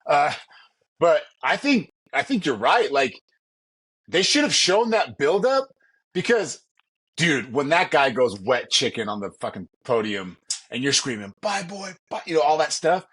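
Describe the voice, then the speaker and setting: A man hosting a casual interview, reacting with excited enthusiasm. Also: fairly high pitch, a little slow, slightly rough. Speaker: interview host. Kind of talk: casual chat.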